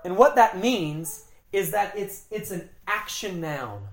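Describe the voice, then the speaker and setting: A woman teaching scripture in an emphatic, explanatory way, her pitch rising and falling a lot as she stresses key phrases. She is recorded in an echoey room. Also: expressive, slow. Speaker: Bible teacher. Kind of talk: Bible teaching on scripture and grammar.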